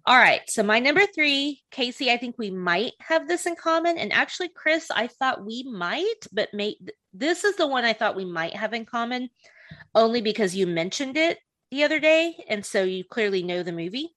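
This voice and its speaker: A woman co-hosting a casual podcast chat, blunt and animated, laughing often. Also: a little high, moderate pace, no room sound. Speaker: podcast co-host.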